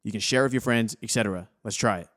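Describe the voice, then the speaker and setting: A man's voice: fairly low pitch, rapid-fire, fairly bright tone. A young adult man hosting a screen-recorded coding tutorial, casual and encouraging as he talks viewers through each step.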